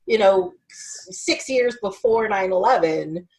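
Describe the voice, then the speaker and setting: A woman hosting a podcast, talking in a casual, animated way with lots of filler words. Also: mid-range voice, measured pace, rough recording. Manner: animated, chatty, many "like" fillers. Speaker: podcast host. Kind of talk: casual chat.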